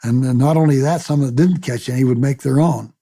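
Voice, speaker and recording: Gravelly older man telling a story. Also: medium pitch, fairly quick. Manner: lively anecdotal, acts out quoted voices; repeats words when he restarts. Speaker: retired military pilot. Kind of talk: oral history storytelling.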